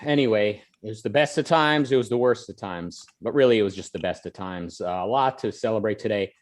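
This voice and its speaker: A man hosting a casual online panel show, talking in a lively way with plenty of fillers. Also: on the low side, a little fast. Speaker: show host.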